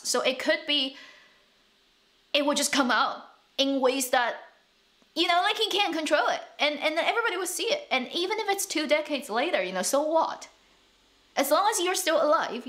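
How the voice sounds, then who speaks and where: A woman's voice: fairly high pitch, fairly bright tone. A woman whose first language is Chinese, speaking English with a North American accent, chatting casually to camera as a drama channel host, rambling with restarts and light laughs.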